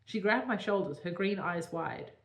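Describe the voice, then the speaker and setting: A woman's voice: lowish voice, animated, normal speed, a bit bright, echoey room. A woman co-hosting a podcast, reading her own novel aloud and breaking off to joke about it. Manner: giggly, self-mocking. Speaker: podcast co-host and author.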